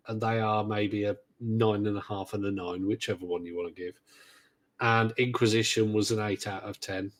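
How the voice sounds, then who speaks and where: A man hosting a casual podcast chat, talking in a rambling, hesitant way with dry sarcasm. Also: fairly low pitch. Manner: rambling, hesitant, many fillers and restarts; dryly sarcastic. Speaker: podcast host.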